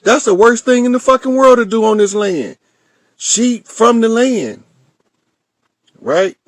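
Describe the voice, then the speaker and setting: A man's voice: very high voice, animated, a little slow, no echo. A man with a Southern US accent hosting, giving casual, profane commentary on a clip he plays. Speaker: host.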